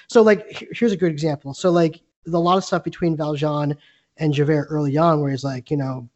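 A man's voice: fairly high pitch, fairly even intonation, fairly quick, a little mellow. Rambling man on a dull podcast mic. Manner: rambling, many restarts, eager. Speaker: podcast co-host. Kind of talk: casual movie podcast chat.

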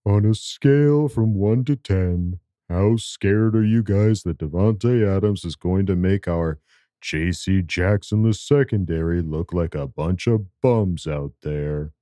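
A man's voice: deep voice, unhurried, no echo, clean studio sound. A man hosting a casual sports fan podcast, reading out listener questions with frequent laughs. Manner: lively, laughs often, reads questions in a set formula.

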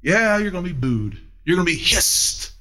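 Lively, bright-voiced male preacher. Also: high-pitched, moderate pace. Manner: emphatic, with big swings from loud to hushed; asks the audience questions. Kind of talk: sermon.

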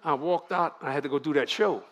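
Some chatter can be heard behind a man in his seventies who preaches in a Louisiana Cajun accent. His fairly high-pitched, brisk delivery tells stories to the congregation in a folksy, animated manner.

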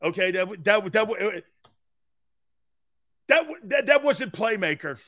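A middle-aged man hosts a sports talk stream. His voice sits high and sounds bright and forceful. He jumps from one viewer comment to the next, joking loudly. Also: moderate pace. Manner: animated, joking, jumps between chat comments. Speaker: sports talk show host. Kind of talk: live-stream sports talk, reading chat.

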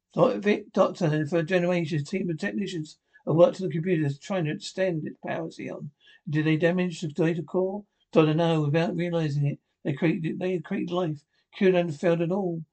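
Reading a drama script aloud in a fairly high-pitched voice, a man announces every speaker's name and the stage directions, his delivery flat and halting.

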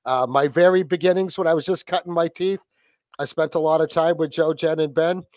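A man's voice: a little high, steady tone, fairly quick, darkish tone, no echo, muffled recording. A man from New England with a Boston accent, chatting casually as a podcast guest, rambling with lots of fillers and restarts. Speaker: podcast guest, host of his own podcast.

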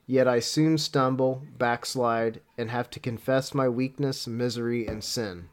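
A man hosting a podcast who is tired and sick with a cold, laughing often in chat and reading a prayer slowly and solemnly. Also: medium pitch, steady tone. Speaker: podcast host.

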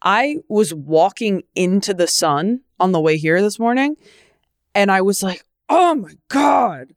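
A young adult woman co-hosting a casual podcast, telling stories with sarcastic, animated asides. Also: medium pitch, a little slow, dry recording, clean studio sound. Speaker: podcast co-host. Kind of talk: casual chat. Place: living in New York.

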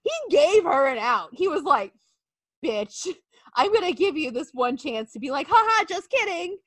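A woman co-hosting a casual chat, telling stories quickly with swearing and impressions. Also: high-pitched, no echo. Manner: animated, quick, profane storytelling with impressions. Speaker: podcast co-host.

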